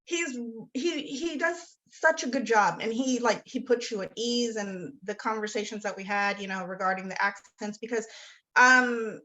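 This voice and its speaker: A woman's voice: a little high, moderate pace, sharp tone, low-quality recording. A woman author being interviewed, talking in a rambling, self-deprecating way with lots of fillers and restarts. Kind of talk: casual interview chat.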